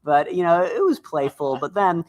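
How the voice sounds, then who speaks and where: A man's voice: on the high side, moderate pace, darkish tone. A man speaking as a guest in a casual chat, good-humoured and laughing often.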